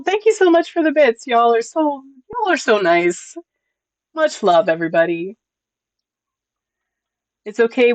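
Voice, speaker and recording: A live streamer in casual chat with viewers, gentle and encouraging, often repeating words at the start of sentences. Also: medium pitch, dry recording, highs cut off. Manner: emotional, gentle.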